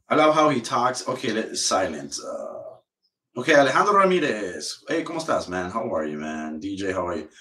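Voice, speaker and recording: Guy ranting on a stream, kinda low voice, swears a lot, rambles, sits back from the mic in an echoey room. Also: sharp tone. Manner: rambling, repeats himself, swears freely. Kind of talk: casual livestream rant. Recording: roomy echo, far from mic.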